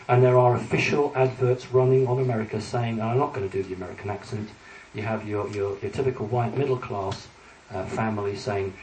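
A man's voice: medium pitch, a little fast, darkish tone, slight background noise. Man lecturing in an echoey hall. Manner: earnest, emphatic, warning the audience. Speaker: lecturer addressing an audience. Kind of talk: public talk with slides. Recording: echoey hall, distant mic, faint ambience.

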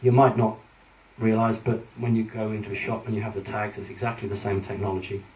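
In an echoey hall picked up by a distant mic with faint ambience, a male lecturer gives a public talk with slides. His voice is low, darkish, brisk and fairly flat in pitch, with slight background noise, and he earnestly, emphatically warns his audience.

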